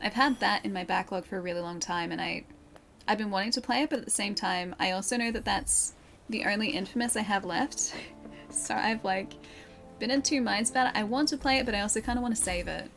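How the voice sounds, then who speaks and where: Young Aussie woman, chatty game streamer, laughs easily, clear game music behind her. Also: mid-range voice, fairly quick, fairly bright tone. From Australia. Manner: chatty, giggly, answers viewer chat. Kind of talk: casual live-stream chat while playing. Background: game music clearly audible.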